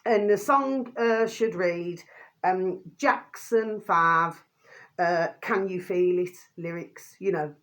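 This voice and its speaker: A woman's voice: fairly low pitch, slow pace, a bit bright. A woman vlogging an angry rant to her viewers, swearing mildly and calling them by a pet phrase again and again. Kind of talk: ranting monologue to camera.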